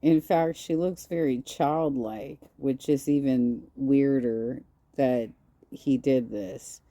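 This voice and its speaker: A woman comments calmly on clips in a low, very dark voice, taking her time over each point. The sound is dry and close, with no room around it. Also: no room sound. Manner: calm, measured, lecturing. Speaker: commentary host.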